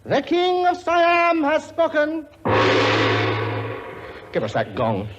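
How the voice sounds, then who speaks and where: A man's voice: very high-pitched, wildly swooping pitch, takes it slowly, very noisy, full character voice. An actor playing a pompous, blustering king with a sarcastic, grumbling working-class manner in a 1950s radio comedy. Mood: exasperated. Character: blustering pompous male king, bossy and weary. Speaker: lead comic actor. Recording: dull old broadcast recording with audience laughter. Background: studio audience laughing.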